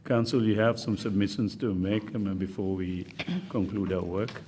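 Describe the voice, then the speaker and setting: An older man chairing a formal hearing, speaking slowly with many ums and uhs. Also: lowish voice, steady tone, dark tone, a little hiss or hum. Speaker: commission chair.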